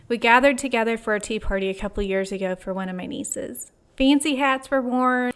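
A woman's voice: on the high side, a bit bright. A woman hosting a devotional podcast, reading her intro in an upbeat, chatty way with light laughs. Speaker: podcast host.

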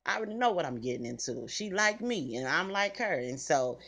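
A woman's voice: deep voice, very animated, brisk, fairly bright tone. A middle-aged woman, telling stories to her listeners in a blunt, salty way with plenty of cussing. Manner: blunt, salty, cusses freely, talks straight to listeners. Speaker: podcast host. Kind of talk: casual storytelling chat.

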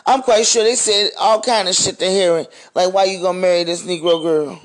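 A man's voice: sits high, steady tone, fairly quick. A man hosting a podcast, speaking in a blunt, profane, heated monologue rant. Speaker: podcast host. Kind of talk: ranting monologue.

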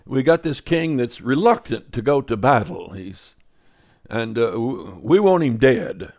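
A man's voice: mid-range voice, big pitch swings, a little slow, a little mellow. A man voicing God in heaven, who speaks in a casual, modern, exasperated way during a sermon retelling.

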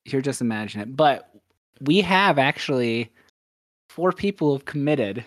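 A young man hosts a podcast in a casual, rambling way. He keeps an upbeat tone and often stops to correct himself. His voice sits at a middle pitch and is recorded close and dry. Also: animated, normal speed, no echo. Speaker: podcast host. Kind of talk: casual chat.

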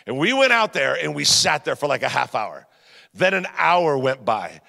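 Man preaching, high gravelly voice, long hall echo. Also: moderate pace. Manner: upbeat, joking, lively storytelling. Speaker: pastor. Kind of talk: sermon. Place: church hall.

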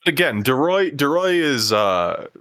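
A man's voice: medium pitch, big pitch swings, measured pace, a bit bright, smooth, dry recording, studio quality. A man talking as a player in a tabletop game, earnest and stammering over his words. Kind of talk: tabletop role-play chat.

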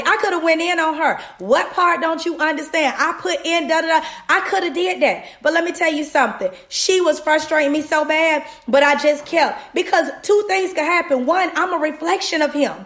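A woman's voice: high-pitched, echoey room. A woman giving a casual motivational sermon, talking straight to her listeners. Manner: animated, talks straight to listeners with "y'all". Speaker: podcast host giving a devotional.

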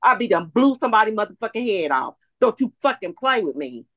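A woman's voice: on the high side, very animated, quick pace, no echo. Woman ranting, heavy profanity. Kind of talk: casual chat.

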